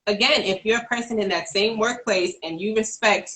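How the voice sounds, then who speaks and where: A young woman talks through her points in a relaxed live-stream chat, often backing up her co-host. Her voice has an ordinary mid pitch, and she keeps it conversational. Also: normal speed, low-quality recording. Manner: conversational, agreeable, frequent affirmations. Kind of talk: casual live-stream discussion.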